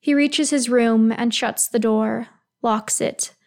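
A woman calmly reading fan fiction aloud, telling the story in an even voice. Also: fairly high pitch, slow, vocal fry. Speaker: reader.

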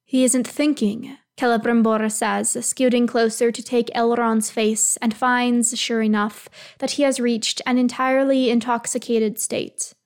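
A woman calmly reading fan fiction aloud, telling the story in an even voice. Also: fairly high pitch, measured pace, hardly any pauses. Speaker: reader.

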